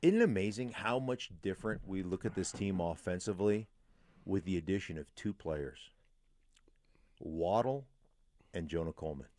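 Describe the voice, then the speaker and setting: A man's voice: sits low, animated, moderate pace, pauses often, a little mellow. A man co-hosting a sports radio show, giving opinions in casual studio talk.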